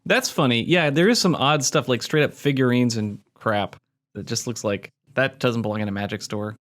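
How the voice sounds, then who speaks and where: A man chats casually as a podcast co-host. His talk wanders and circles back on itself. The tone stays easygoing and unhurried. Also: medium pitch, a bit bright. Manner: rambling, easygoing. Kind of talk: casual chat.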